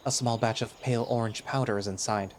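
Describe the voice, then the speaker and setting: A man's voice: mid-range voice, fairly even intonation, fairly quick, a little hiss or hum. Man narrating a first-person audio drama. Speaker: narrator and lead voice.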